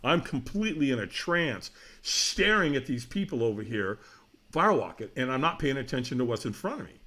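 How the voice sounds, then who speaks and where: A middle-aged man appears as a podcast guest, telling a lively story in a mid-range voice at a slightly fast clip. He acts out the voices of the people involved and laughs often as he goes.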